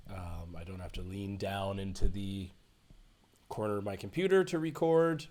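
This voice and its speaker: A man's voice: fairly low pitch, darkish tone. A man teaching a music production walkthrough into a USB desk microphone, chatty and self-correcting as he explains. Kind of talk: screen-recorded tutorial walkthrough.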